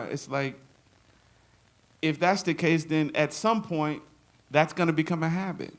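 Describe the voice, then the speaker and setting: A man's voice: fairly high pitch, fairly even intonation, a little slow, long pauses. A man giving a live drum clinic to an audience. He jokes, laughs often and acts out quotes. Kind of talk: live workshop talk and Q&A.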